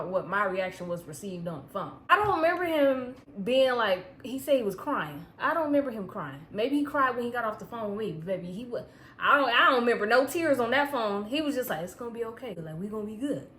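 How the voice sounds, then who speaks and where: A young woman telling a personal story in a casual, profane, animated way, often breaking into laughter. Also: on the high side, brisk, slight background noise. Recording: echoey room with faint ambience.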